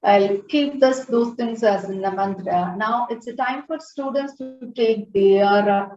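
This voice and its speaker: A woman giving a formal webinar address as a student branch counselor, earnest and encouraging, with many filler pauses. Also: mid-range voice, mellow, soft background music. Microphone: video call. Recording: roomy, distant, dull lo-fi call audio.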